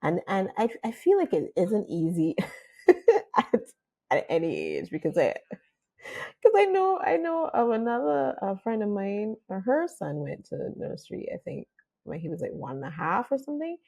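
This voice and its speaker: Husky, lively woman host. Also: medium pitch, normal speed. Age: adult mother. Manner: animated storytelling, acting out quotes, laughing. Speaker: podcast host. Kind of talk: casual interview chat.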